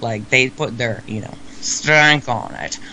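An animated man co-hosting a music podcast, joking and trailing off mid-sentence. His pitch is ordinary, and a faint hiss of noise sits under the recording. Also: slow. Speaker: podcast co-host. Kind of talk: casual chat about rock music.

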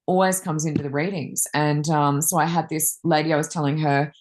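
A woman's voice: sits low, fairly even intonation, brisk, hardly any pauses. A woman, a Reiki master and card reader, chatting casually and telling rambling anecdotes with many fillers.

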